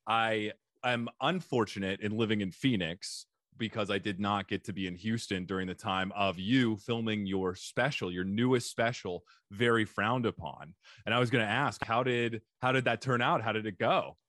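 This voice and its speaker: A man's voice: lowish voice, moderate pace, few pauses, a bit bright, no room sound, studio quality. Easygoing male podcast host. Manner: easygoing, laughs along, playful. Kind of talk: casual chat.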